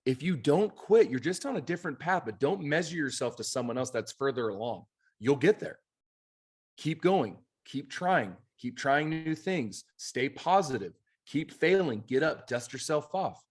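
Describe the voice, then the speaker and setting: Animated man telling coaching stories. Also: a little high, normal speed, husky. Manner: animated, emphatic storytelling. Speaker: youth baseball coach and podcast co-host. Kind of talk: casual chat.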